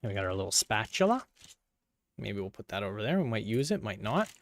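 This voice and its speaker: A man's voice: lowish voice, very animated, fairly quick. A man giving casual, playful running commentary while he works, joking with viewers and talking to himself. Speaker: PC hardware video creator.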